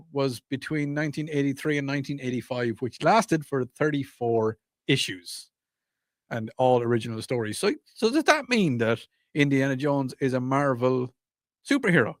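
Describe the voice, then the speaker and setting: A man's voice: medium pitch, animated, moderate pace, no echo, studio quality. A man co-hosting a radio show in casual chat, playful and looking things up as he talks. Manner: playful, reads facts aloud in a wandering way. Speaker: co-host.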